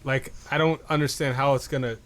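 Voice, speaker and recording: A man's voice: mid-range voice, steady tone, brisk, fairly bright tone, no room sound. A man co-hosting a podcast in casual late-night chat, hesitant and trailing off often. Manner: hesitant, many fillers and restarts, trails off. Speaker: podcast co-host.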